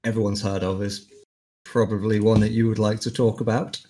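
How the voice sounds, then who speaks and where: A man's voice: fairly low pitch, flat delivery, fairly quick, warm tone. A young man co-hosting a casual podcast in an easygoing way, laughing often. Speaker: podcast co-host.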